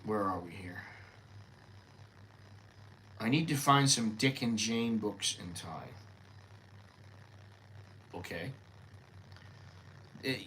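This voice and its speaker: An older American vlogger living in Thailand gives a casual, unscripted monologue, rambling and thinking aloud as he chats. His voice is lowish and a bit bright. There's a little hiss or hum in the recording.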